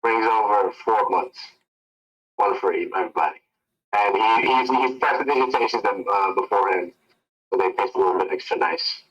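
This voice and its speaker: A man narrating as game master of a tabletop game, telling the scene in a casual, relaxed way. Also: lowish voice, normal speed, muffled recording.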